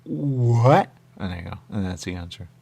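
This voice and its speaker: A male radio host rambles casually through a game, half talking to himself. His voice has a gravelly fry, and his pitch jumps up and down as he reacts. He keeps a loose, chatty delivery. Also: expressive, normal speed, mellow.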